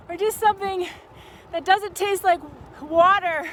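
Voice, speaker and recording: A woman talking to her camera outdoors during a long bike ride, sounding worn out and chatty, grumbling one moment and excited the next. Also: extremely high pitch, measured pace, rough recording. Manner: chatty, swings between tired grumbling and excited squeals. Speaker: vlogger. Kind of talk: casual travel vlog narration. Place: outdoors on a roadside. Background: passing traffic and outdoor ambience.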